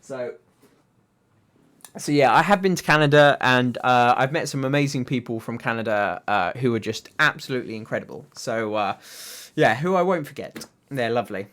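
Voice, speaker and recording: A man's voice: mid-range voice, lively intonation, moderate pace, fairly bright tone. A young man chatting casually on a livestream, reading viewer comments aloud, rambling with lots of fillers. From England. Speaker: livestream host. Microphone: desk microphone.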